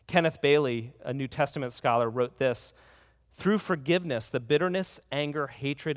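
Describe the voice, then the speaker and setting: Earnest male pastor in a reverberant hall. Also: medium pitch. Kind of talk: sermon.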